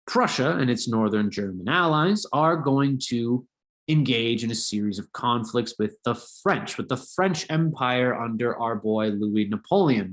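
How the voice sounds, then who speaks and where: Male history teacher, lively pitch, casual lecture with jokey asides. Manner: animated, conversational, jokey asides.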